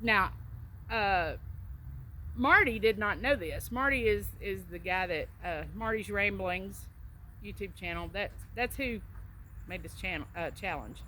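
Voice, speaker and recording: A woman's voice: medium pitch, unhurried, sharp tone, slight background noise. A woman with a Southern US accent, chatting casually and telling stories with a laugh. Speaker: vlogger doing an accent tag. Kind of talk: casual chat.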